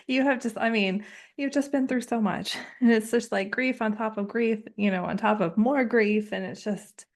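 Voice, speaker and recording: A woman's voice: on the high side, moderate pace. Sympathetic woman podcast host. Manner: sympathetic, conversational, laughs softly. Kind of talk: empathetic interview conversation.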